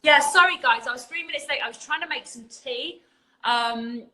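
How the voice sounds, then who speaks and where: A woman's voice: sits high, normal speed, roomy sound, noisy background. An English woman hosting a casual livestream chat, bubbly and giggly, peppering her talk with "like" and "literally". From England. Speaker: host.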